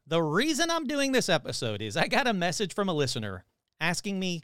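A man's voice: on the high side, huge pitch swings, normal speed, a bit bright, clean tone, dry recording, studio quality. A male podcast host reading odd news aloud with sarcastic, irreverent asides. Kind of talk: casual podcast commentary.

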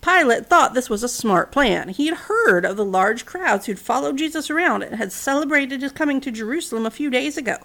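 A woman's voice: high-pitched, lively intonation, brisk, vocal fry, hardly any pauses, fairly bright tone. A woman casually retelling a Bible story, mixing narration with chatty, wry asides and fillers.

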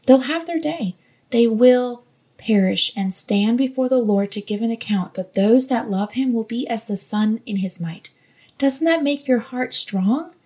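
A woman giving a devotional Bible teaching in an earnest, gently encouraging way. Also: a little high, slightly rough.

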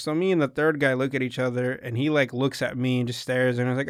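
A man's voice: mid-range voice, little pitch movement, fast, smooth, dry recording, clean studio sound. A young man casually telling a long rambling story, swearing often and acting out what people said. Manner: rambling storyteller, swears a lot, acts out quotes. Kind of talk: casual chat.

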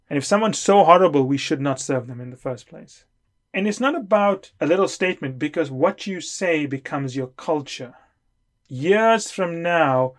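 A middle-aged man giving an emphatic, lecturing talk as a consulting coach. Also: fairly high pitch. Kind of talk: lecture to camera.

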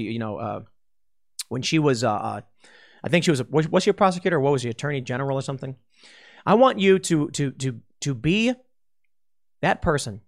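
A man's voice: on the high side, a bit bright. A man giving a blunt opinion monologue as a political commentator, emphatic and full of slang.

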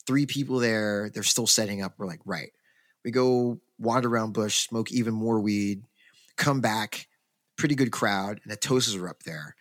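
Rambling, animated man telling a story. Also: lowish voice, dry recording, studio quality. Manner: rambling, animated, full of fillers and restarts. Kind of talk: casual storytelling chat.

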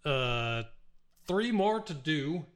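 A man's voice: fairly high pitch, big pitch swings, very slow. Male podcast co-host, chatty and upbeat, casual talk. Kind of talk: casual chat.

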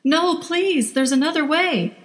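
A woman plays a distraught passenger whose voice leaps high as she begs and cries out. The sound carries a long hall reverb. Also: sing-song, moderate pace. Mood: pleading, distraught.

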